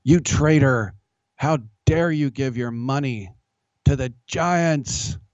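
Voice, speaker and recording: A man's voice: medium pitch, takes it slowly, a little mellow, dry recording, pitched above the performer's own voice, close to an everyday voice. A man putting on the voice of an indignant male sports fan who whines in outrage. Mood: outraged. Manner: whiny, outraged. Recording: dull, dry studio sound.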